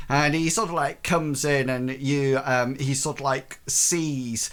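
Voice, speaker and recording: A man running a tabletop game as game master, narrating in a halting way full of ums and restarts, now and then shouting out lines for crowd members. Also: mid-range voice, fairly even intonation.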